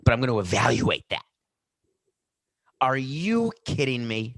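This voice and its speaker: A man's voice: medium pitch, brisk, no echo. Sarcastic middle-aged male podcast host. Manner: sarcastic, animated rants with mock quotes. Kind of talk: opinionated sports commentary. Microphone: studio microphone with earpiece.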